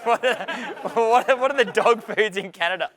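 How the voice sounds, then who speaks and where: A man's voice: high-pitched, normal speed, a crowd in the background. A young man running a dating seminar Q&A, brash and profane, laughing often. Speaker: dating coach. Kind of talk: live seminar Q&A.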